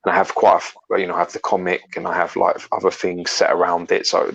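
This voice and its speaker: A man with a very low, gravelly voice talks in a loose, casual livestream chat. His tone is husky and rough at the edges. He is blunt and opinionated and swears without a second thought. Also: monotone, fast, a bit bright, lo-fi sound. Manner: frank, opinionated, swears freely. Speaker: co-host.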